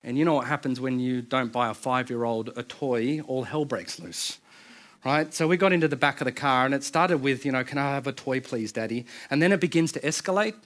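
A man, a pastor in his thirties, preaching a sermon in a conversational, storytelling way with quick asides and restarts. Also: medium pitch, fairly bright tone.

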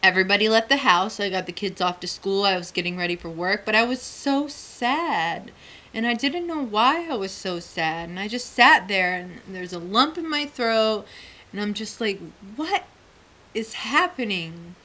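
A woman's voice: medium pitch, animated, moderate pace, sharp tone. A middle-aged woman co-hosting a talk show, telling a personal story frankly, swearing freely and laughing often. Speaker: podcast co-host. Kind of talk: candid storytelling chat.

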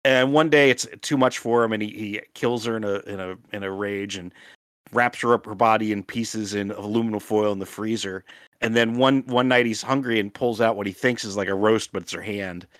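A man co-hosting a podcast in casual chat, animated and often laughing. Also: fairly low pitch, a little fast, dry recording, studio quality. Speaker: podcast co-host.

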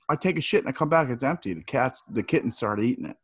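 A man's voice: mid-range voice, lively intonation, fast talker, breathy edge. A man, bantering loosely as a podcast co-host, joking and swearing. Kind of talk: casual chat.

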